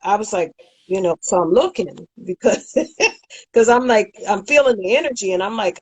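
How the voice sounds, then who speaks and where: A woman's voice: mid-range voice, moderate pace, husky, low-quality recording. A woman guest in a casual chat, telling a story animatedly and acting out what people said. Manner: animated storyteller, acts out quotes.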